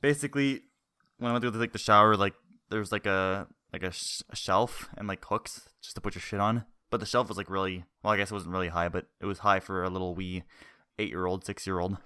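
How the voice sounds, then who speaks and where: A young man with a lowish, smooth and clear voice tells a long story in loose podcast chat. He rambles, swears freely and laughs as he goes. The sound is dry and close. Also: steady tone, brisk, sharp tone, no room sound. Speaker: podcast co-host.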